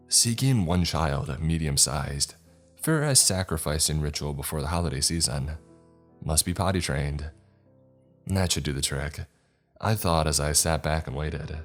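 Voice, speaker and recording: A man with an extremely deep, low voice narrates a scripted horror-comedy story. His delivery is dry and sardonic, and faint music plays underneath.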